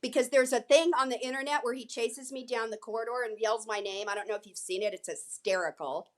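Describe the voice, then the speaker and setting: An older woman telling a story as a guest in a casual interview, chatty and animated, acting out what people said. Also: a little high, fast talker. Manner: chatty, animated, acts out quotes. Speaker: guest, former featured extra.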